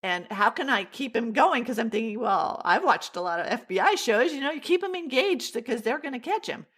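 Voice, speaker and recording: A woman telling her personal story as an interview guest, animated and acting out the dialogue she quotes. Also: fairly high pitch, fairly quick, slightly rough.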